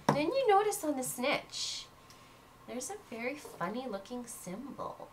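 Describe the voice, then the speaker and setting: A woman running a family tabletop game as game master, telling the story in an animated and encouraging way. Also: high-pitched, a little slow, a little hiss or hum, low-quality recording.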